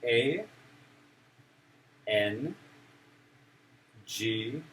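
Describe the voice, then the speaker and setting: Slow, lively man teaching young children. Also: mid-range voice. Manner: playful, encouraging, acts out emotions. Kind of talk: classroom teaching of simple English. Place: classroom. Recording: distant mic with room noise.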